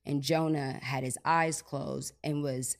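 A woman's voice: deep voice, steady tone, measured pace, gravelly. A mother and podcast co-host telling an earnest story in casual conversation, often repeating herself. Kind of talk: casual faith conversation and ad read.

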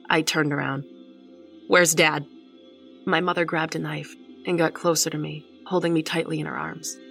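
A woman's voice: low voice, creaky, a bit bright. A woman narrating a horror story in the first person, with a tense, dramatic reading. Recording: music behind the voice.

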